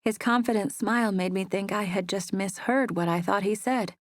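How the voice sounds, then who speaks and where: A woman narrating a first-person romance audiobook in a soft, intimate storytelling manner on a close studio mic. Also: medium pitch, moderate pace, dry recording.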